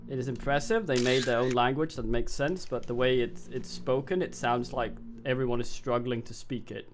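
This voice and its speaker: Guy streaming a game, swears a lot, rambles and jokes, mid-pitched voice, faint hiss. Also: fairly even intonation, moderate pace. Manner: profane, rambling, joking. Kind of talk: casual gameplay commentary.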